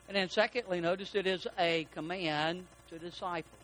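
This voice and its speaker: A man preaching a sermon in a church, folksy and animated, asking his congregation questions. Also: high voice, moderate pace, few pauses, a little hiss or hum. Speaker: pastor. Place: church sanctuary.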